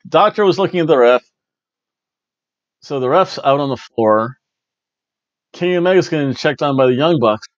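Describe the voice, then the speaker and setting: A man hosting a wrestling review podcast, recapping a show in casual chat and slipping into quick mimicry of wrestlers. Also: a little high, no echo, dull audio. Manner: animated, mimics wrestlers and announcers in quick asides.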